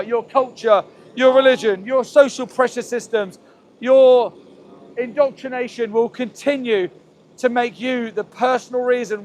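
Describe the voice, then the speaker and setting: There's a little hiss or hum as this very high-voiced man continues his outdoor activist livestream by a slaughterhouse. Phone in hand, he delivers impassioned, repetitive, pleading live commentary from the street.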